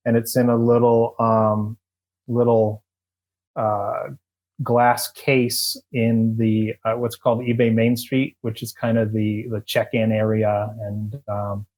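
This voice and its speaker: A man's voice: fairly low pitch, completely flat delivery, slow pace, darkish tone. A middle-aged man, a former eBay employee, telling stories as a podcast guest in a loose, rambling way with lots of fillers and restarts. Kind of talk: casual interview storytelling.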